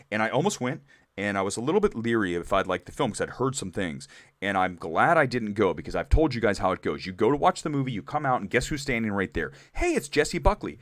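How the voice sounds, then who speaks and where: A man hosting a live movie talk show, chatting candidly to viewers with animated, rambling asides. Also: fairly low pitch, no room sound. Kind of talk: live-stream chat reading viewer comments.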